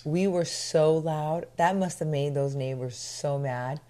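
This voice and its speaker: A woman's voice: sits low, unhurried, mellow. A middle-aged woman co-hosting a casual chat show, talking frankly and teasing with sarcasm. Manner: chatty, sarcastic, talks openly about prices. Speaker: co-host.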